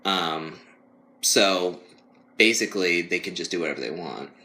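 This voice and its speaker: A man's voice: deep voice, a little slow, bright, forceful tone. A young man co-hosting a podcast, rambling casually and laughing often as he mocks whiny voices. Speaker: podcast co-host. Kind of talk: casual chat.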